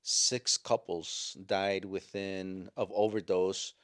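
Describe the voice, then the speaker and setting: An older man speaks in a somewhat low voice as a chaplain recounting his experiences. He talks haltingly, filling gaps and starting over as he goes. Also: level tone, a bit bright. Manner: halting, with many fillers and restarts. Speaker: chaplain and guest. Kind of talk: storytelling interview.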